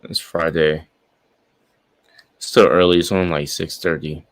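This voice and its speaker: A young man who sounds high, rambling and swearing freely as he casually signs off his live stream. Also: fairly even intonation, measured pace, no room sound. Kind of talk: casual stream sign-off chat.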